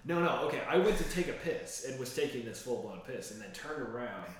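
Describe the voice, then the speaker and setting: A man's voice: medium pitch, lively intonation, a little fast. A young man co-hosting a podcast, telling crude, profane stories in casual chat and laughing often. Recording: very echoey room with crowd noise.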